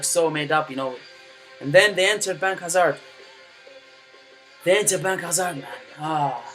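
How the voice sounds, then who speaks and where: A man's voice: on the high side, fairly bright tone. A young man ranting casually about an anime, swearing a lot and filling his talk with "you know" and "man". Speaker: anime fan commentator. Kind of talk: casual rant to camera.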